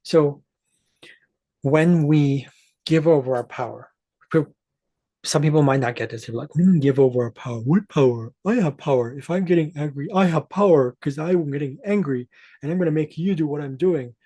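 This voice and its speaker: A man's voice: on the high side, moderate pace, mellow, no room sound. A man hosting an astrology channel, ranting to his viewers in an emphatic, profane way and often restarting mid-sentence. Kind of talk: ranting monologue to camera.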